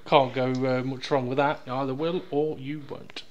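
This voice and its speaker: A man's voice: medium pitch, level tone, moderate pace, lo-fi sound. A man hosting a casual podcast, rambling and joking with lots of ums and uhs. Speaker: podcast host. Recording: noisy background hiss.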